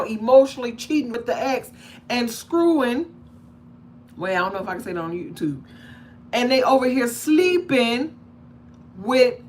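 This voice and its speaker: A woman talking casually to her audience about relationships in an animated way, acting out the people she describes and checking in with questions. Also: a little high. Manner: conversational, asks the audience questions. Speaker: relationship commentator. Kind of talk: casual monologue to camera.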